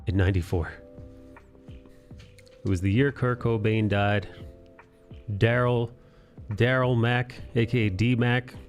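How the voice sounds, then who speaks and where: A man's voice: mid-range voice, fairly even intonation, a little slow, long pauses, faint music behind. A man from New York City hosting a livestream, chatting casually and swearing freely with his viewers while he draws. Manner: profane, joking, chatty with viewers. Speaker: livestream host. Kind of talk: casual chat while drawing.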